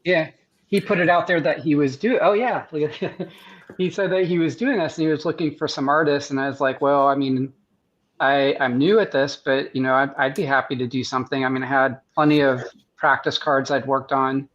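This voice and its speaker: A man's voice: on the high side, fairly even intonation, normal speed, fairly bright tone. An American man, a guest artist and surgeon, telling stories in a rambling way with many restarts on a video-call podcast. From United States. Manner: rambling, restarts often, laughs at his own stories. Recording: muffled lo-fi sound.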